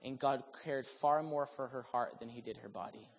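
A male preacher delivers a sermon in animated storytelling mode. His delivery rises to loud, excited peaks and drops to soft, hushed passages. The sound carries the long reverb of a large hall. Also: mid-range voice, moderate pace, slight background noise.

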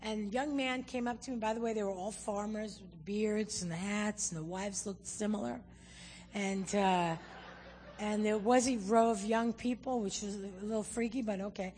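A woman's voice: mid-range voice, moderate pace, a little hiss or hum. A woman guest preacher giving a sermon and telling stories, acting out what people and God said. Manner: animated storyteller, acts out quotes. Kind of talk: sermon with storytelling. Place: church. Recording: long hall reverb.

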